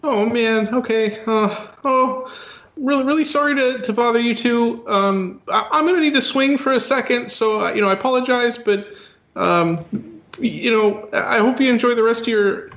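A man's voice: extremely high pitch, moderate pace, a bit bright, reverberant, voice pushed up. A man voicing a nervous, over-apologetic bullied teenage boy in a tabletop game. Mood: flustered. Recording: dull lo-fi recording.

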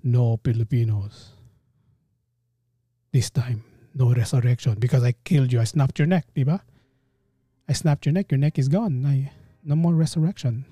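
Man doing a low, menacing Thanos. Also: flat delivery, mellow, no echo, clean studio sound. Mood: explaining. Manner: slow, low, half-whispered threats. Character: deep menacing alien warlord, male.

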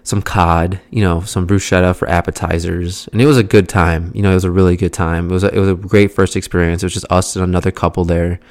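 Low, flat-voiced man rambling casually. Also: fast talker, few pauses, dry recording. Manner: rambling, filler-heavy, profane. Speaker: vlog host. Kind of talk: casual travel recap.

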